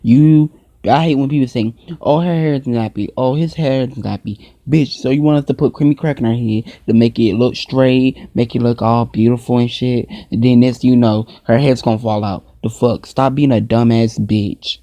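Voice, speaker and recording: A man's voice: medium pitch, steady tone, normal speed, hardly any pauses, dark tone, dry recording. A man hosting a casual reaction video, talking back at a clip with profane mock outrage.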